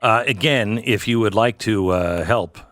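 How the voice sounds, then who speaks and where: A man's voice: fairly low pitch, a little slow, a bit bright, dry recording. A man hosting an interview, prompting his guest with brief interjections. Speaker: host.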